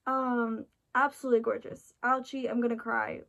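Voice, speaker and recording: A woman's voice: on the high side, little pitch movement, normal speed, gravelly, fairly bright tone. A woman chatting in a casual, rambling way, full of restarts and "like", sounding tired and emotional. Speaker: vlogger reacting to an album.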